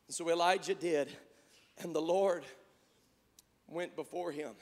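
A man preaching a sermon in a church, swinging from loud shouts down to hushed, quiet lines. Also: a little high, fairly even intonation, unhurried, long pauses, big-room sound. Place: church sanctuary.

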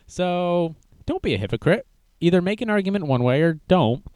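A man's voice: high voice, animated, normal speed, darkish tone, dry recording. A man giving sarcastic, rambling casual commentary as he reacts to a video.

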